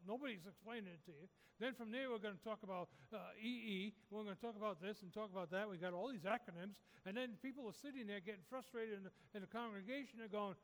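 A man's voice: high voice, fast, hardly any pauses, long reverb tail. A man preaching a sermon, urging his listeners with repeated, rising calls. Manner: repetitive, rising exhortation.

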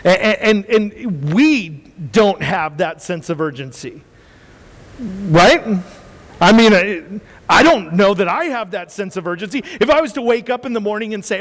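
A man's voice: high voice, lively intonation, normal speed, fairly bright tone, big-room sound. A man preaching a sermon in a conversational way, often stumbling over repeated words and checking in with his listeners. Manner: conversational, repeats words and asks the audience "right?".

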